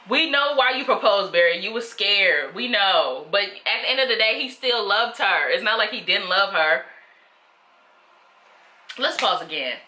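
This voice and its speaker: A woman's voice: mid-range voice, animated, a little slow, pushed and bright, reverberant. A woman giving casual, opinionated reaction commentary to viewers, chatty and slangy, calling her audience "girl". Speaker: reaction vlogger.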